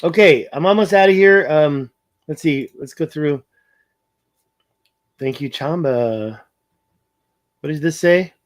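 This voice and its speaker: A man's voice: fairly high pitch, slow, pauses often. Rambling man livestreaming over a map. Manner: rambling, thinking aloud, reading viewer chat. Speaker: livestream host.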